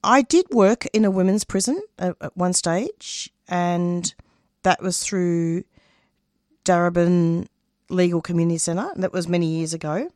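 A woman's voice: on the low side, measured pace, darkish tone, no echo, clean studio sound. A woman who produces radio, speaking in an interview with intense, emphatic feeling. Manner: intense, emphatic, openly emotional. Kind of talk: candid interview answers.

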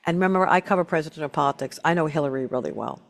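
An older man hosting an interview, telling an animated story in casual chat and often repeating his first words. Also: fairly high pitch, rapid-fire, creaky. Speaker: host.

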